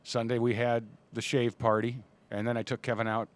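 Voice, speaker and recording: A man's voice: medium pitch, level tone, moderate pace. A man co-hosting a casual podcast, telling stories in a dry, matter-of-fact way. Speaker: podcast co-host. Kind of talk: casual pub chat.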